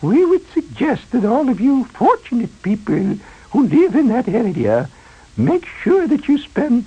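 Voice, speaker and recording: A man's voice: very high voice, husky, highs cut off, voice pushed up, exaggerated voice. A man putting on a prim lady announcer. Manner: slow, lilting, precise announcer delivery. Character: prim middle-aged female radio presenter.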